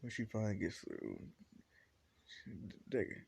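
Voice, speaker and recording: A man casually improvising a fan-fiction story out loud, rambling with lots of "like" and restarts. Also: on the low side, very animated, unhurried, creaky, husky.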